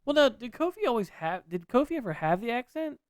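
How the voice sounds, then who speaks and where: Man, podcast co-host, laid-back jokey rambling, smooth clear tone, dry. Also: very high voice, sing-song, fairly quick, no room sound. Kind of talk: casual wrestling chat.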